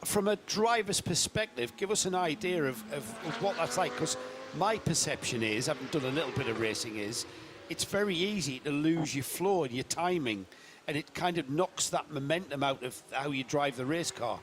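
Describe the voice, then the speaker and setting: A man with a Northeast English accent co-hosts live race commentary, his voice sitting slightly high. He is jovial and self-mocking, and he tells his stories with a grin. Steady motor noise is clearly audible under the commentary mic. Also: normal speed. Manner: jovial, self-deprecating storytelling.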